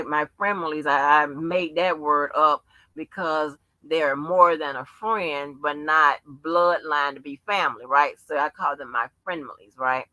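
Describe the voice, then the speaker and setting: A woman speaks casually and profanely to her viewers, with a lot of restarts and fillers before she gets heated. Her voice is bright and forward. The recording is dry and close, with no room sound. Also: low voice, dry recording. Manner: rambling with many restarts and fillers. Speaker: channel host. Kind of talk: casual livestream rant.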